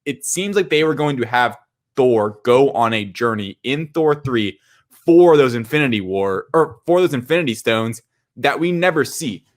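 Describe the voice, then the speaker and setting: A man's voice: mid-range voice, animated, normal speed. A man co-hosting a movie podcast, talking in an opinionated, emphatic way. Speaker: podcast co-host. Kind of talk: casual movie chat.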